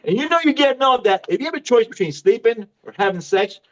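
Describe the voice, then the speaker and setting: High-voiced man in his fifties doing stand-up. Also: animated, quick pace, lo-fi sound. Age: 50s. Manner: self-mocking, laughs at his own jokes. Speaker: stand-up comedian. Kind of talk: stand-up comedy set.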